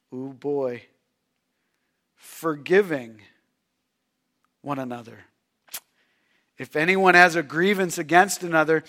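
A pastor preaching a sermon, swinging between loud emphatic lines and hushed near-whispers. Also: male voice, a little high.

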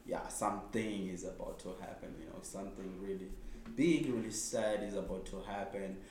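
A man's voice: sits low, normal speed, darkish tone. A man co-hosting a podcast, thinking aloud in casual chat with many "you know" fillers. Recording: echoey room with faint background noise.

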